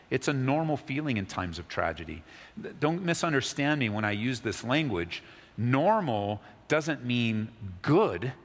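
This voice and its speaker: Man preaching in an echoey hall. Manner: animated preaching, voice rising high when acting out the widow's excitement. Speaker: pastor. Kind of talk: sermon.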